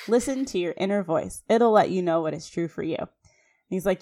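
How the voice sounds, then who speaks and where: A woman's voice: lowish voice, normal speed. Chatty woman podcast co-host. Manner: chatty, animated retelling with frequent fillers and laughs. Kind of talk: casual scene-by-scene recap.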